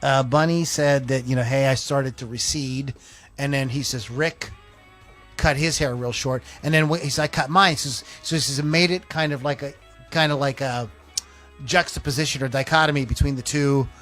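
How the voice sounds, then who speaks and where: A man's voice: medium pitch, steady tone, normal speed, a bit bright, soft background music. A man hosting a podcast in casual chat, rambling through stories with lots of fillers and teasing his co-host.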